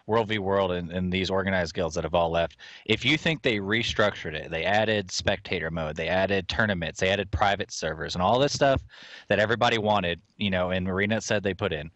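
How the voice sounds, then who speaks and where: Male panelist, lower voice, dry close recording, questioning tone. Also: fairly bright tone, dry recording. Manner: asks long, searching questions. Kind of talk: casual gaming podcast chat.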